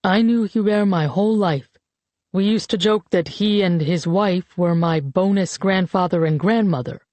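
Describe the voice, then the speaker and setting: A woman's voice: lowish voice, darkish tone, no room sound, natural voice. A woman voicing a solemn grieving man at a eulogy. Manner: slow, measured, solemn speech. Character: grieving grown man, a father, giving a eulogy. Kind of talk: audiobook character reading.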